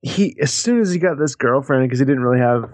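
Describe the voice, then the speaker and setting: A man co-hosts a comedy podcast in a loose, profane way and laughs often. His voice sits at a middling pitch, recorded close on a dry mic. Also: animated, brisk, darkish tone, no echo. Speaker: podcast co-host. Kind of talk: casual comedic chat.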